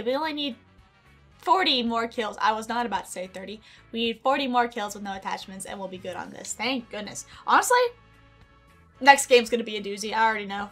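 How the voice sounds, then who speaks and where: A high, bright-voiced woman talks her way through a shooter match, chatty and excitable, with quick gasps and exclamations. Faint game music plays underneath. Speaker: gaming streamer. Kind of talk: live gameplay commentary. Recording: game music and gunfire behind.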